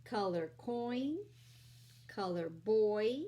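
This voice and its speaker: Slow, patient woman teaching phonics. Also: medium pitch, expressive, dark tone. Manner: slow, patient, sounding out letters and vowel sounds. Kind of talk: phonics lesson for young children.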